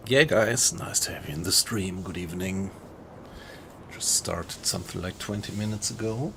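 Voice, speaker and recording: A man chatting casually with viewers while he plays a game live from his small home computer room, relaxed and unhurried. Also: low voice, slight background noise. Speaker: game streamer. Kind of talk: casual live-stream chat while playing.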